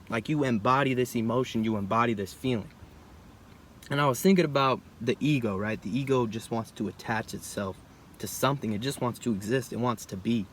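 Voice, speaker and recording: A man's voice: medium pitch, brisk, a little hiss or hum. A young man in a casual, reflective monologue, rambling and often tagging lines with "bro" and "right?". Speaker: vlogger.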